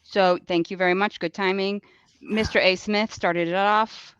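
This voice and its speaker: A podcast co-host chatting casually, giving quick, matter-of-fact asides. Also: medium pitch, fairly even intonation, a bit bright, clean tone, no room sound, muffled recording. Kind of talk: casual chat.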